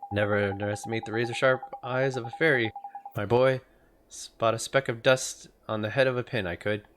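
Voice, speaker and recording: A man's voice: mid-range voice, fairly even intonation, fairly quick, background noise, close to an everyday voice. A man reading as a cheeky boastful fairy sidekick. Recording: game music playing behind.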